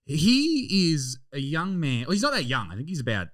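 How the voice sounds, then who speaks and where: Animated, swearing Australian man host. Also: a little high, normal speed, no room sound. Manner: profane, joking, animated. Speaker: podcast host. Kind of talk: casual comedic podcast banter.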